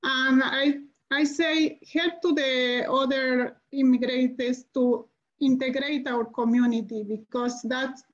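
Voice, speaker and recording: A woman who is not a native English speaker, an immigrant parent on a panel, speaking haltingly and searching for words as she shares her experience. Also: high voice, fairly even intonation, dull audio. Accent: non-native English. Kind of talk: emotional personal testimony.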